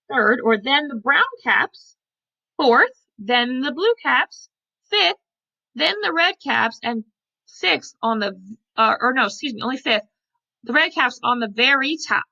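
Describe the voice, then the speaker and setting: Animated woman reading a storybook to kids. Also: high-pitched, measured pace, creaky. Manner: animated, asks the children questions. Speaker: preschool teacher. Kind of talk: reading a picture book aloud to children. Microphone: computer mic. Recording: lo-fi computer recording.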